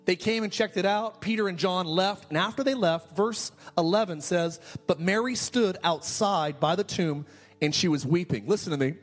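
A man's voice: high-pitched, moderate pace, soft background music. A man preaching a sermon as a pastor, asking rhetorical questions and repeating key phrases.

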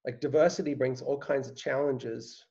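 A man, a pastor, interviewing a church member in a gentle, searching way with many conversational fillers. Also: medium pitch, steady tone, normal speed, creaky, lo-fi sound.

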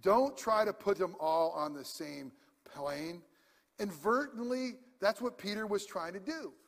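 A man's voice: high-pitched, expressive, unhurried, creaky. A man preaching a sermon as pastor, passionate and emphatic yet conversational. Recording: long hall reverb.

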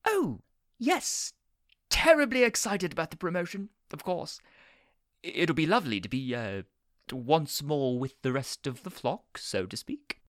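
A prim, fussy angel, flustered and polite in a fan audio drama. The voice sits very low yet leaps around a lot. The sound is dry and close. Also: female voice, very animated, moderate pace, no echo, full character voice.

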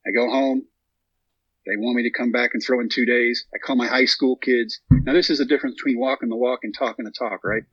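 A man's voice: medium pitch, fairly quick, slightly rough, no room sound, muffled recording. A man in his thirties from Texas, a guest telling a long story and acting out what people said. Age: 30s. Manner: animated storyteller acting out quotes. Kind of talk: storytelling interview.

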